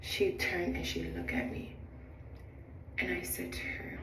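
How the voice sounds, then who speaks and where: A young woman, a flight attendant, telling a dramatic story from her job in a sassy, animated way while doing her makeup, acting out what people said. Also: on the low side, measured pace, long pauses. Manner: animated, dramatic retelling with acted-out quotes; blunt, sassy asides. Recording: roomy, distant, noisy background.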